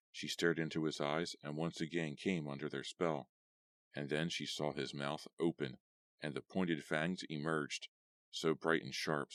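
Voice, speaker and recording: A man narrating a scripted horror audiobook in a steady, even read. His voice sits extremely low, and the recording is dry and close with no room sound. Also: no echo.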